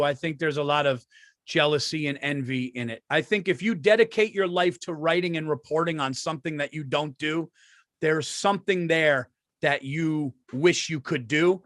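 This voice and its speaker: Animated man telling stories, dry sound. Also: fairly high pitch, moderate pace, no echo. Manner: animated storyteller, acts out quotes. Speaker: podcast co-host. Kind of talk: casual chat.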